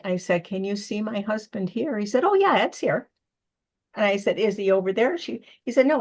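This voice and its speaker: An older woman, a medium and author, telling personal stories in a casual interview from her living room, acting out quotes with feeling. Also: mid-range voice. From United States. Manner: emotional, animated storytelling with acted-out quotes.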